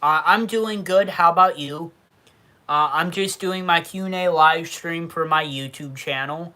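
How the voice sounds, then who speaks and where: A man in his twenties from Western New York, with a Western New York accent, hosting a casual livestream Q&A and talking loudly and cursing freely. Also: a little high, unhurried. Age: 20s. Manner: loud, heavy casual cursing. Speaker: YouTube livestream host. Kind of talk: casual livestream Q&A, reading chat.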